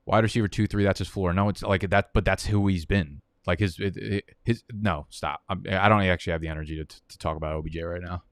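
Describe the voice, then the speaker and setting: Low-voiced man ranting over a fantasy draft. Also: steady tone, fast, few pauses, clear, resonant tone, no room sound, clean studio sound. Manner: profane, heated, rambling. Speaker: fantasy football host. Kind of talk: live-stream draft commentary.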